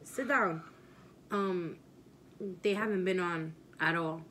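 Casting: young woman, mukbang host, bright, slightly high voice, relaxed motherly chat, faint room noise. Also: slow. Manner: relaxed, motherly, chatty while eating. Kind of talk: casual eating vlog chat.

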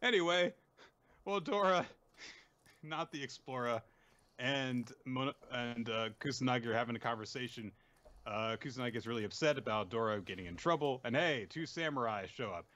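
A man hosting a podcast, casually recapping a manga chapter and halting often with fillers. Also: medium pitch, a bit bright. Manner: rambling, halting with many fillers. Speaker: podcast host.

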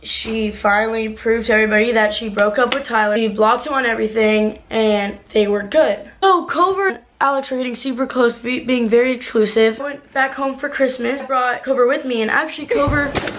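A woman's voice: on the high side, slight background noise. Chatty young woman telling a story. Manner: casual, rapid, full of "like" and swearing. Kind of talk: storytime vlog.

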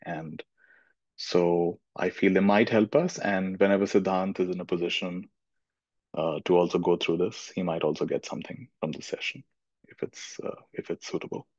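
A man's voice: sits low, steady tone, moderate pace, a little mellow, no room sound. A middle-aged man from India, giving a thoughtful spiritual talk as a teacher and repeating phrases for emphasis. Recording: dull lo-fi recording.

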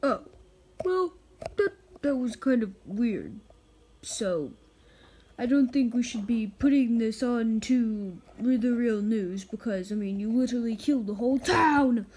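Lady doing a flustered puppet anchor lady, stammery, slow, faint hiss behind. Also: a little high, animated, darkish tone, voice pushed down, low-quality recording.

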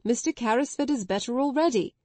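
A woman voicing a kind gentleman who speaks in a calm, encouraging way. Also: fairly high pitch, brisk, dry recording, pitched above the performer's own voice, close to an everyday voice. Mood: reassuring.

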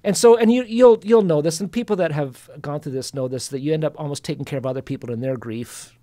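A middle-aged man hosting a podcast, telling a personal story in a reflective, soft-spoken way with many restarts. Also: a little high, quick pace, dry recording, studio quality. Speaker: podcast host and singer-songwriter. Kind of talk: casual storytelling conversation.

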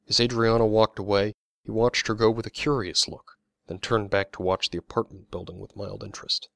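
A man reading his own novel aloud as an audiobook, in an even, measured storytelling voice. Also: fairly low pitch, creaky, no echo, clean studio sound. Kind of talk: audiobook narration.

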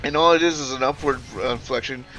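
A man's voice: mid-range voice, steady tone, a little fast, sharp tone, slight background noise. A man streaming while gaming, rambling in casual chat with lots of fillers and casual swearing.

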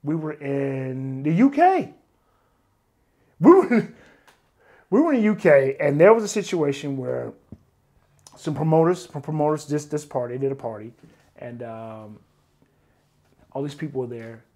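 A man telling stories as an interview guest, animated, swearing freely, peppering his talk with "man" and acting out other people's lines. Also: fairly high pitch, unhurried, pauses often. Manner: animated, swears often, keeps saying "man". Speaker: interview guest, former bodyguard. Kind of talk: casual storytelling.

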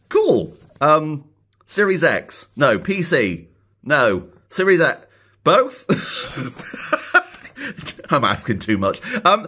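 A man unboxing a package in a casual vlog, joking and laughing, excited and upbeat. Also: medium pitch. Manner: excitable, jokey, laughs often. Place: indoors, later outside in his back garden.

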